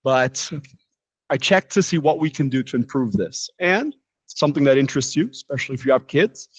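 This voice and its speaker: An American man teaching a live English lesson in a relaxed, chatty way with frequent asides. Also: mid-range voice, a little fast, slightly rough, no room sound, poor audio. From United States. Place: living in Brazil, teaching from a quiet room.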